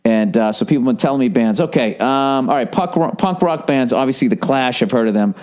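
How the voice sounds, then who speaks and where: A man's voice: mid-range voice, fairly quick. Podcast host, man, fifties, Boston accent, swears a lot, tells stories with energy. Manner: profane, animated storytelling. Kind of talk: casual podcast chat.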